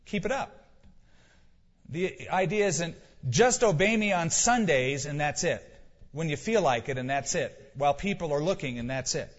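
A man's voice: fairly high pitch, expressive, normal speed. A male pastor preaching a sermon with emphasis, asking rhetorical questions and repeating key lines for weight. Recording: dull lo-fi sound with long hall reverb.

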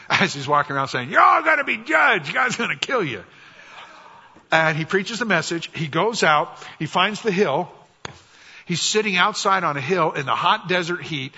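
Wry, husky-voiced male guest preacher. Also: a little high. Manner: conversational and wry, drops soft for quoted prayers. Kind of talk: sermon. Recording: dull, echoey church hall.

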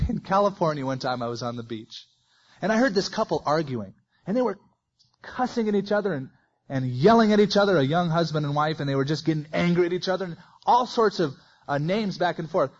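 Husky folksy preacher, muffled recording. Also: male voice, fairly high pitch, lively intonation, fairly quick. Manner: folksy asides, reads scripture aloud. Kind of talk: verse-by-verse sermon.

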